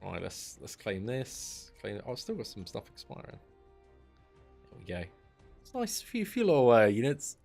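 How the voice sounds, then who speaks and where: A man's voice: medium pitch, huge pitch swings, moderate pace, creaky, a little mellow, soft background music. A man casually commenting on a game he is playing live, chatty and self-deprecating. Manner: chatty, self-deprecating, says mate and dude a lot. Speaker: game streamer.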